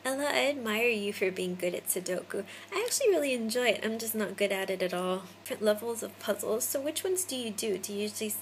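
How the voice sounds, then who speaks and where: A woman's voice: mid-range voice, animated, quick pace, hardly any pauses, a little hiss or hum, poor audio. A young American woman in her twenties from Hawaii, chatting casually to viewers by name into a phone camera indoors. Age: 20s. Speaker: vlogger.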